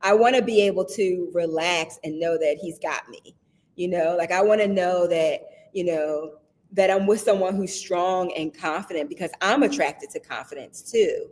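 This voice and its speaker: A woman's voice: lowish voice, normal speed, darkish tone, slight background noise. A woman guest in casual conversation who tells stories with energy, acts out what people said, and laughs often. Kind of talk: casual chat.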